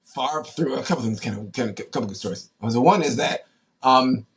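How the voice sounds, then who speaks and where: A man in his fifties, a former pro football player, telling animated anecdotes in a casual interview, with many fillers and restarts. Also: mid-range voice, fairly quick.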